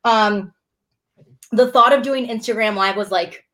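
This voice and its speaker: A young woman, a bartender, telling her story in a casual chat, animated, swearing and acting out what people said. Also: a little high, a little slow. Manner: animated, swearing, acts out her own quotes. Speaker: bartender and show guest.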